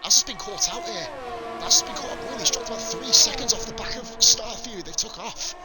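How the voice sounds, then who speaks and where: Excitable man commentating racing. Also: very high voice, fast, poor audio. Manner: excitable, swears often, laughs. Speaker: esports race commentator. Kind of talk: live sim racing commentary.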